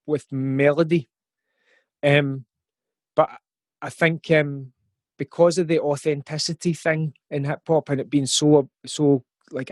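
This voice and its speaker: A man's voice: on the high side, no room sound. A Scottish man in his forties, a rapper guest on a podcast, talking reflectively and thinking aloud with plenty of fillers. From Scotland. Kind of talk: podcast interview.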